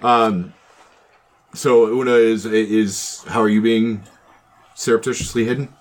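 A man narrating a tabletop game as game master, rambling with many pauses and restarts. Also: lowish voice, steady tone.

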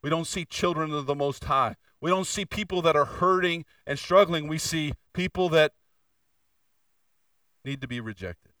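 A man preaching a sermon as pastor in a church, moving between fervent, raised passages and quieter, confessional asides. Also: fairly high pitch, moderate pace, no room sound, distant mic, rough recording. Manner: preaching with rising intensity and candid confession. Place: church sanctuary.

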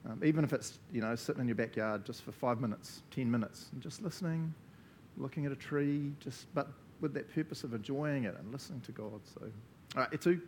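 A man's voice: medium pitch, fairly quick, slight background noise. Chatty New Zealand man leading a church talk. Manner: chatty, relaxed, tags sentences with "eh?". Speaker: church leader. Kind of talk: casual sermon with group discussion. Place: church gathering.

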